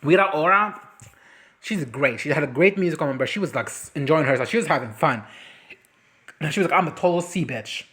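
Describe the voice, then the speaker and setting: Low-pitched woman doing a loose movie rant, swears a lot, drops into little character voices. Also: breathy edge. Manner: animated, swearing, mimics characters in quick asides. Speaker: movie reviewer. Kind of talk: casual reaction chat.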